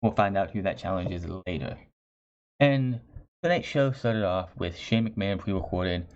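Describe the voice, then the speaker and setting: A man's voice: deep voice, moderate pace, darkish tone. A man reviewing a wrestling show in a chatty, sarcastic way, often restarting his phrases. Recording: dull lo-fi recording.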